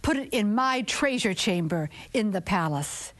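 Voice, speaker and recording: A woman's voice: medium pitch, expressive, measured pace, dry recording, natural voice. Storybook king, a woman putting it on: big, greedy, short-tempered, bossy commands. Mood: angry orders.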